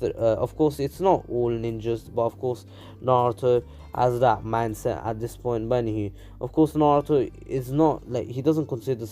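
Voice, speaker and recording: A man's voice: medium pitch, dark tone. A man casually narrating a fan story, rambling with many fillers.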